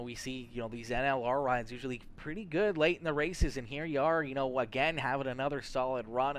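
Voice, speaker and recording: Young Canadian man, race broadcast host, upbeat and chatty, smooth clear voice. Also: medium pitch, a bit bright. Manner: upbeat, chatty, lots of fillers. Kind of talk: sim racing commentary and interviews.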